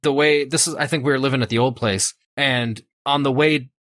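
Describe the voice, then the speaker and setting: A man's voice: mid-range voice, fairly even intonation, a little fast, fairly bright tone, dry recording, studio quality. A man co-hosting a podcast in casual chat, telling stories in an easygoing way. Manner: easygoing, storytelling, laughs often. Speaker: podcast co-host.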